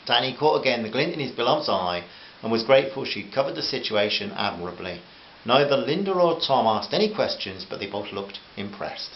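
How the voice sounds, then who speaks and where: A man narrating his own novel aloud in a steady, conversational reading voice. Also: mid-range voice, a little fast. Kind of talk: audiobook narration. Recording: roomy, dull, hissy home recording.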